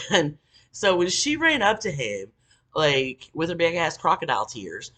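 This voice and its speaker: A woman rants through a casual story, swearing freely and looping back with ums and likes. Her pitch swings up and down with a lot of life. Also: big pitch swings, measured pace, sharp tone, husky. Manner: profane, rambling, full of fillers. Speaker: vlogger.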